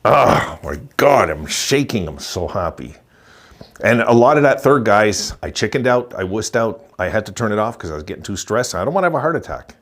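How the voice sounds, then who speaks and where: Guy in his sixties, thrilled hockey rant, chuckles a lot, lowish voice. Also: lively intonation, quick pace, few pauses. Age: 60s. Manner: gleeful, chuckling, emphatic repetition. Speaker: hockey fan vlogger. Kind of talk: excited postgame rant.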